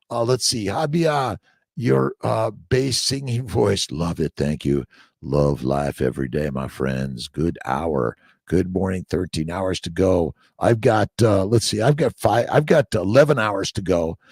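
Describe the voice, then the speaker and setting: A middle-aged man with a gravelly voice hosts a casual live-stream chat, exclaiming upbeat reactions to viewer comments he reads aloud, moving between loud bursts and quiet murmurs. The recording is dry with clean studio sound.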